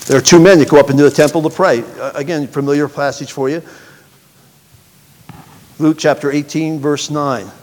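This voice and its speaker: A man preaching a sermon, reading scripture aloud with sharp swings between loud, high bursts and quiet, low passages. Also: fairly even intonation, normal speed, long pauses, in a large hall. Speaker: pastor.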